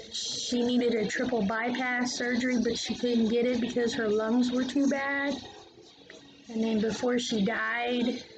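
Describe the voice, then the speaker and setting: A woman's voice: a little high, noisy background. A woman vlogging a casual, rambling opinion monologue, plain-spoken and drifting from topic to topic.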